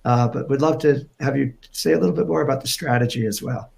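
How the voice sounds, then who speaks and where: A man moderating a panel discussion, hoarse and losing his voice, talking haltingly with many fillers and restarts. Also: mid-range voice, darkish tone.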